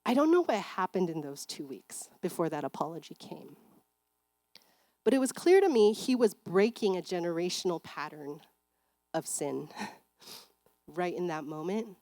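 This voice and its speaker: A woman gives a church seminar talk and recounts her own story in a loose, conversational way. Her voice sits on the lower side, and she scatters filler words throughout. The sound is dry and close. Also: very animated, measured pace, long pauses, dark tone, dry recording. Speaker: seminar speaker and clinical psychologist.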